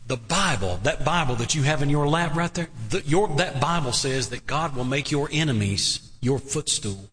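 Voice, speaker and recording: A man's voice: medium pitch, animated, moderate pace, few pauses, fairly bright tone. A man preaching an emphatic sermon in a church, asking his listeners rhetorical questions. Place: church sanctuary. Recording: long hall reverb.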